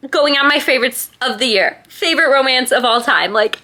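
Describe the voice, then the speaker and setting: A young woman in a casual home vlog, gushing excitedly about a book she loves, full of "like" and "oh my God.". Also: high-pitched, normal speed, hardly any pauses. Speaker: book vlogger. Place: at home, bathroom after shower.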